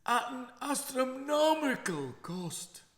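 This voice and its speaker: A man voicing an indignant Scottish male councillor in a put-on Scottish accent, speaking slowly and emphatically with outrage. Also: very high voice, sing-song, fairly bright tone, pitched above the performer's own voice, heavily acted. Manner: slow, emphatic, outraged delivery. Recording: roomy echo.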